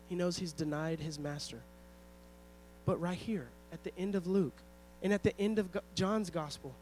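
A man's voice: sits high, a little hiss or hum, low-quality recording. A man preaching a sermon, emphatic and storytelling, who often asks the congregation rhetorical questions. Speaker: pastor.

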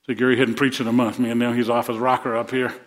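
A man's voice: medium pitch, flat delivery, fast talker. A male pastor preaching a sermon to his congregation in earnest, repeating words as he builds to rousing emphasis.

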